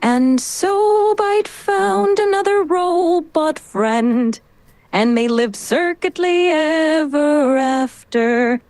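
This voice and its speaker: A female-sounding AI voice assistant chatting brightly in a recorded product demo. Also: high voice, extremely slow, dry recording, faint music behind. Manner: bubbly, chatty, expressive. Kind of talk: live product demo conversation. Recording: played from an archived event stream.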